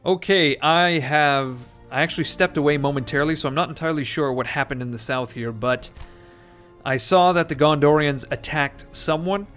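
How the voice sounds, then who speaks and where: A man's voice: on the high side, moderate pace, fairly bright tone, soft background music. Male let's-play host, casual and chatty, thinks aloud and corrects himself. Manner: rambling, self-correcting, joking. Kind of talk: casual gameplay commentary.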